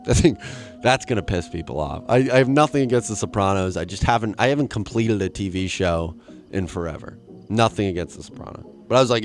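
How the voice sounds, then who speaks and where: A man's voice: lowish voice, animated, a little fast, faint music behind. A man hosting a podcast, rambling through a comic solo monologue with crude asides and jumping into acted voices for the people he quotes. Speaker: podcast host.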